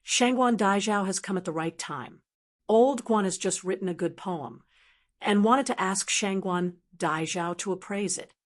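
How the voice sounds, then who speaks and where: A woman voicing a flattering male scholar in his fifties, in an audiobook reading. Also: mid-range voice, measured pace, lightly acted. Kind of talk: audiobook narration.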